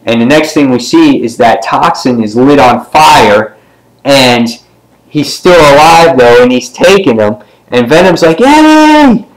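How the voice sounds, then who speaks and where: Guy rambling thru a comic recap, lots of uh and um, mid-pitch voice, jumps up high to do a character line now and then. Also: unhurried, poor audio. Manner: rambling, filler-heavy retelling; briefly acts out characters' lines with pitch jumps. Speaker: comic book reviewer. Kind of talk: casual comic book review.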